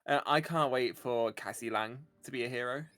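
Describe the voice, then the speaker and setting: A man's voice: mid-range voice, normal speed, fairly bright tone. A man chatting casually on a game stream, eager as he talks about favorite heroes. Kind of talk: casual chat.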